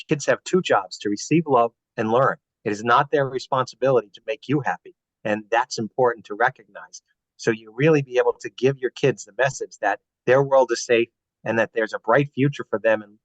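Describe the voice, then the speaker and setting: A man's voice: medium pitch, no room sound. A man speaking earnestly as a guest on a webinar, advising parents on family values. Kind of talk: webinar talk. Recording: dull, dry webinar audio.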